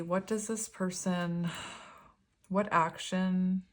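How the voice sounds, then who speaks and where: A chatty woman with a fairly low voice reads tarot cards aloud for her viewers. She rambles along with ums and self-corrections. She slips into giggles as she goes. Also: steady tone, measured pace, a little hiss or hum. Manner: chatty, often breaks into giggles. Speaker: tarot reader. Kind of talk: casual tarot reading to viewers.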